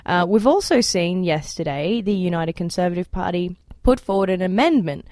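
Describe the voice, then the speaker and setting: A woman hosts a panel podcast, briskly recounting events with frequent fillers and moving the talk along. Her voice sits somewhat low. The studio sound is close and dry. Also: expressive, a little mellow, no room sound. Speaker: podcast host. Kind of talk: casual panel chat.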